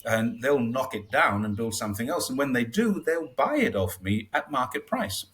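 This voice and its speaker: A man in his sixties, born in Britain, chatting casually in an interview and telling stories with lively acted-out dialogue. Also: medium pitch, moderate pace. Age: 60s. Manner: chatty storyteller, acts out dialogue in raised voices. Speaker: guest.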